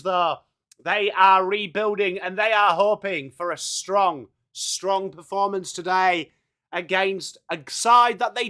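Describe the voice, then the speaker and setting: A young English man hosting a live football watchalong, chatting with viewers by name and reading team lists, his voice slightly hoarse. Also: high-pitched, pushed and bright. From England. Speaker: watchalong host. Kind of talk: casual live stream chat.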